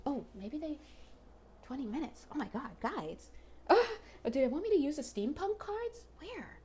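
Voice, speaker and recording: A woman's voice: high-pitched, big pitch swings, normal speed, warm tone, slight background noise. A woman giving a casual tarot reading to her viewers, chatty and emotional, often checking in with "right?". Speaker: tarot reader.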